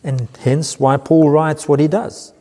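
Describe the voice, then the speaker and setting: A man preaching a sermon in a church, earnest, slowing down and pausing to stress key words. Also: a little high, level tone, warm tone, breathy edge, big-room sound. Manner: earnest preaching with slow emphatic pauses. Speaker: pastor.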